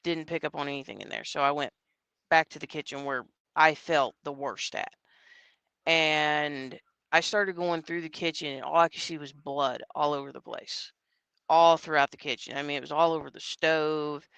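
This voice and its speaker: A man's voice: a little high, fairly even intonation, moderate pace, creaky, bright, forceful tone, smooth, dry recording. A man, a psychic medium guest, telling a story in a casual, rambling way, with lots of fillers and quoted dialogue.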